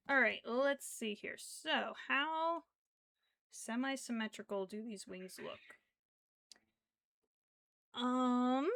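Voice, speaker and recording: She speaks slowly in a high, gravelly, fairly bright voice, pausing often, with slight background noise. As a craft streamer, she rambles casually through her crochet session, full of fillers and quiet stitch counting.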